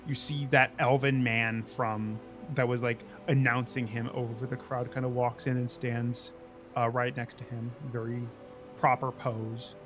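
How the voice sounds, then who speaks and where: A man's voice: mid-range voice, flat delivery, measured pace, over music. Casual man narrating a tabletop game. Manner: loose, filler-heavy narration. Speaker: game master.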